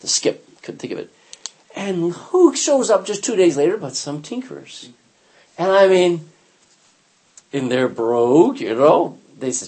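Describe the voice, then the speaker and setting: Older man, lively storytelling Bible teacher. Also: fairly high pitch, measured pace, pauses often. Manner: animated storyteller, acts out quotes, frequent restarts. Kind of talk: informal Bible lesson.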